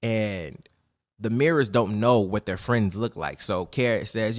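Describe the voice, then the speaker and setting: A man giving a casual, excitable, profane recap of an anime episode as a reviewer. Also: lowish voice, measured pace.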